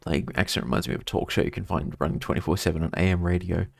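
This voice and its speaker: A man's voice: deep voice, steady tone, racing, gravelly, no echo. An Australian man streaming a game, chatting casually and rambling while reading his chat aloud.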